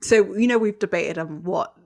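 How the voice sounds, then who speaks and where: Podcast co-host, woman with a slightly low voice, thoughtful, circles her point before landing it. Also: normal speed, creaky, a little mellow. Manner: thoughtful, rambling, trails off mid-sentence. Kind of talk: casual chat discussing a TV episode.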